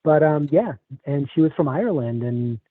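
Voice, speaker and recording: Over a tinny phone line, a man from the Chicago area, USA tells a personal story as a guest in casual storytelling. His fairly high voice is expressive with no echo, though he speaks haltingly with many restarts.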